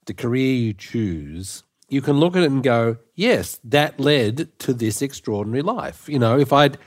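A man's voice: medium pitch, expressive, moderate pace. A man interviewing a guest, musing thoughtfully before putting his questions. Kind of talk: conversational interview.

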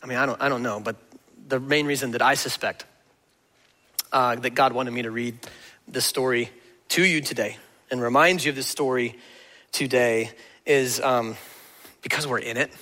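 A man preaching a sermon as pastor, telling the story in an animated, conversational way. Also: medium pitch, moderate pace, long pauses, in a large hall. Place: church auditorium.

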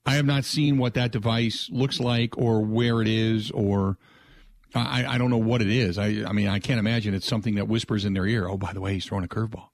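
A man's voice: on the low side, steady tone, normal speed, no echo. A man hosting a sports talk radio show, chatting loosely with restarts and asides. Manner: rambling, frequent restarts and filler asides.

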